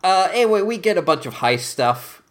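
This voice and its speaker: A man's voice: high voice, big pitch swings, fairly quick. A man co-hosting a podcast, talking through a movie in casual chat, rambling with many fillers. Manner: hesitant, rambling, full of fillers. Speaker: podcast co-host.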